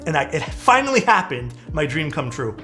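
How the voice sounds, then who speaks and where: Guy streamer, kinda high voice, swearing and rambling through a story, faint music under it. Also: moderate pace. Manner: loose, profane, animated storytelling with frequent laughs. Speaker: streamer building keyboards. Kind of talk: casual livestream chat and storytelling.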